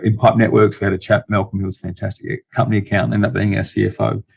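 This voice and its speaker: A man's voice: on the low side, level tone, rapid-fire, creaky, darkish tone, husky. A middle-aged Australian man, an investor guest in a casual interview, talking bluntly with many restarts and dry jokes.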